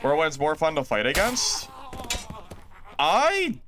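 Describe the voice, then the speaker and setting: A man's voice: on the high side, huge pitch swings, slow pace. Guy streaming a game, jokey and exasperated at himself, mouse clicks and noise behind. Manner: self-mocking, exasperated, laughs often. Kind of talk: live gameplay commentary reading chat.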